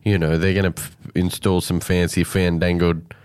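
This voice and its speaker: A man's voice: sits low, level tone, normal speed, a little mellow, smooth. A man hosting a radio show from a studio, talking in a playful, upbeat and jokey way. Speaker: radio host. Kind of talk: casual radio banter.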